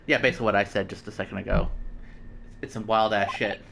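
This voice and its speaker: A man's voice: on the low side, fairly even intonation, quick pace, creaky, noisy background. A man doing casual, jokey gameplay commentary as a let's play host, rambling with many stammered restarts. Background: game music.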